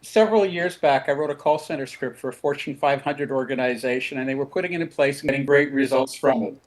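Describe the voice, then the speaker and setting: A man chatting as a guest on a talk show, telling a story in a relaxed way. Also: mid-range voice, fast talker. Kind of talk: casual chat.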